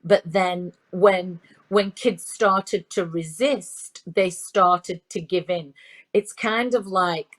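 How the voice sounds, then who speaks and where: Woman around fifties, low-ish voice, talks in bits and restarts, parenting guest in a chat. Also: slow. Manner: repeats herself, frequent restarts and fillers. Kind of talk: conversational podcast interview.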